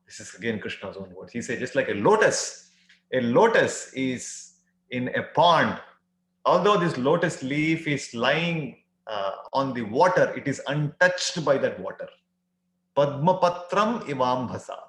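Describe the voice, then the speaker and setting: A man giving a devotional scripture talk, earnest, with many "uh" pauses and emphatic rising phrases. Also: medium pitch, expressive, fairly bright tone, echoey room, poor audio. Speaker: scripture teacher.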